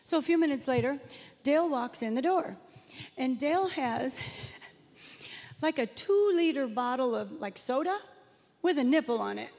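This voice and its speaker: A woman pastor preaching in a church, with a fairly high voice and a chatty, storytelling delivery. She slips into the voices of the people in her story as she goes. Long reverb hangs in the hall around her. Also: lively intonation, a little slow, pauses often, a little mellow. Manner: conversational storytelling, acts out quotes. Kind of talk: sermon. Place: church sanctuary.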